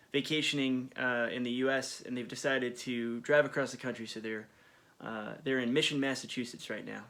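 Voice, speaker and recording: A man reads his own fiction aloud at a middling pitch, in a relaxed way. He stops now and then for a casual aside or to fix a stumbled word. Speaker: author.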